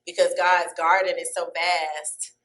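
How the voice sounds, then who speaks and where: A woman's voice: fairly low pitch, unhurried, poor audio. A woman guest, an artist and entrepreneur, telling her story in casual chat, acting out the people in it with a preacher-like inspirational cadence. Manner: animated, acts out dialogue in her stories.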